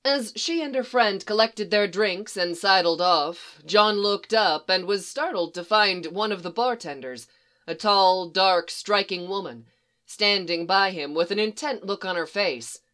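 An audiobook narrator carrying the story along in an even, steady storytelling manner. The voice is bright and forward, with a pitch in the middle range. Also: measured pace. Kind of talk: audiobook reading.

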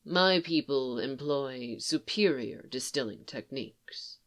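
A reader voicing a composed, formal male alien admiral who speaks in a measured, low and quiet way. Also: lively intonation. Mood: calm, formal.

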